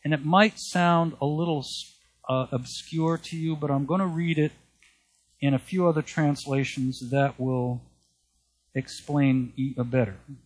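A male pastor delivers a sermon at an unhurried, deliberate pace. His voice has a husky, slightly breathy edge at a middling pitch. He repeats points for emphasis and reads scripture aloud between his remarks. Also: steady tone. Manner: slow, earnest preaching with repeated emphasis and Bible readings.

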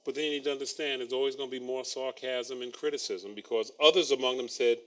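A man's voice: mid-range voice, steady tone, fast talker, hardly any pauses. A man preaching a sermon, reading scripture and breaking in with wry asides and chuckles.

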